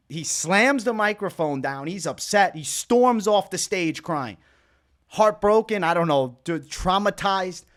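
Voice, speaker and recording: A young man hosting an MMA reaction video, talking casually and profanely, sometimes bursting into excited shouts. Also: on the high side.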